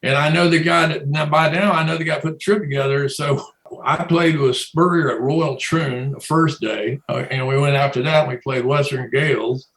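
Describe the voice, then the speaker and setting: A man's voice: on the high side, steady tone, normal speed, fairly bright tone, reverberant, poor audio. A man telling a long rambling story in casual chat, laughing often and restarting his sentences. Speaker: guest telling stories.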